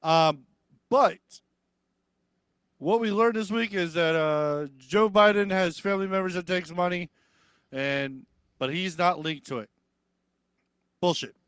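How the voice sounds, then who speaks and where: A man's voice: high-pitched, slow pace, long pauses, a bit bright, clean tone, no echo. A man hosting a live-stream talk show, rambling casually and swearing, lifting his voice to mimic others. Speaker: podcast host.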